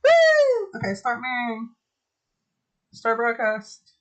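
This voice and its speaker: A woman's voice: fairly high pitch, animated, a little slow, fairly bright tone. A young adult woman streaming live, chatting casually and swearing while she fixes her setup, humming little ditties along the way. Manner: profane, chatty, talks to herself while fiddling with tech; sings little ditties under her breath.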